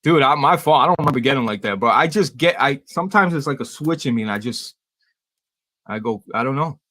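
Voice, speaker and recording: A man's voice: medium pitch, lively intonation, bright, forceful tone, no echo. A man hosting a casual podcast chat. He swears freely and tells stories about himself with a self-mocking edge. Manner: swears freely, quick self-deprecating storytelling. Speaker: podcast host and streamer.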